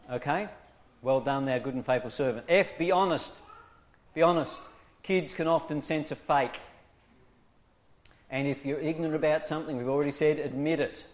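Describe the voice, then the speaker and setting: A man leading a training class for church teachers, coaxing his listeners along and checking in with them often. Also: fairly high pitch. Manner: lively, coaxing, keeps checking in with "okay?".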